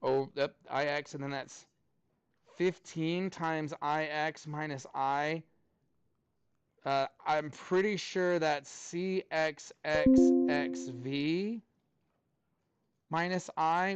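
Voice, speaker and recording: Upbeat high-voiced male math teacher. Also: very slow, pauses often, clear, resonant tone, no room sound. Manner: upbeat, jokey asides to students. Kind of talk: classroom teaching. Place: classroom.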